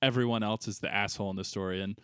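A man's voice: on the low side, steady tone, rapid-fire, clean tone, dry recording, clean studio sound. A man co-hosting a casual film review podcast, laid-back and joking, swearing casually. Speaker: podcast co-host.

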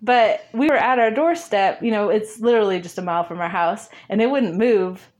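A woman's voice: mid-range voice, brisk, a little mellow. A woman guest in an interview, telling a story casually, laughing often and acting out bits of dialogue.

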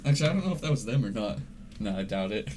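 A man's voice: lowish voice, big pitch swings, very fast, darkish tone. A young man chatting casually as a podcast co-host, laid-back and swearing freely, often laughing. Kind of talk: casual chat. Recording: faint background noise.

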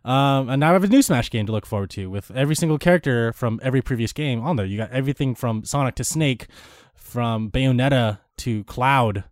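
A man's voice: medium pitch, a little fast, no room sound. Dry-voiced young man chatting casually. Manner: rambling, with restarts and fillers. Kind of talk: casual gaming chat.

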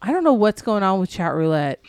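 A woman's voice: mid-range voice, big pitch swings, fairly quick, darkish tone, clear, resonant tone, dry recording. Teasing woman co-host, dry close sound. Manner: teasing, exclaiming, playful. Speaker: podcast co-host. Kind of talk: casual crude banter while watching video chat.

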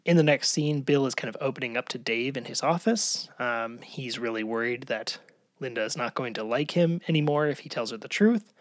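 A man's voice: medium pitch, a little fast, no echo. A man co-hosting a podcast, recapping a sitcom episode in a wry, analytical, hedging way. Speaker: podcast co-host. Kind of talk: casual episode recap chat.

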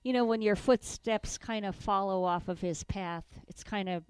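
A woman's voice: mid-range voice, moderate pace, smooth, dry recording, rough recording. A woman co-hosting a radio morning show in casual on-air chat, giggly and easygoing.

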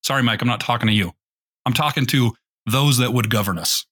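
A man's voice: medium pitch, a little fast, a bit bright, husky. Forties male co-host, casual chat that builds into sweary rants. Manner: heated ranting, swearing, mocking. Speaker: podcast co-host.

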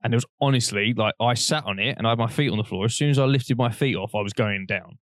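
A man's voice: medium pitch, fast, no echo, clean studio sound. A young man, co-hosting a podcast and telling a long, rambling story in casual chat, laughing often and swearing freely. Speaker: podcast co-host.

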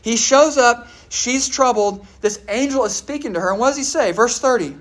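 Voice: mid-range voice, normal speed, few pauses. A preacher giving a sermon in a conversational way, asking the listeners questions and often saying "all right" and "uh". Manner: many fillers like "all right" and "uh".

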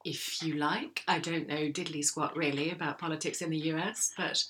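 A woman co-hosting a casual podcast as the witch, relaxed and dry-humoured, laughing often over a video call. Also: low voice, moderate pace, slight background noise.

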